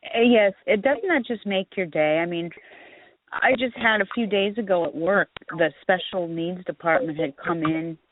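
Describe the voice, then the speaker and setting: A woman's voice: on the low side, normal speed. A woman hosting a talk radio show, chatting casually and gushing over her guest. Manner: gushing, chatty, warm-hearted asides. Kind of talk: casual phone interview chat. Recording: tinny phone line with faint hiss.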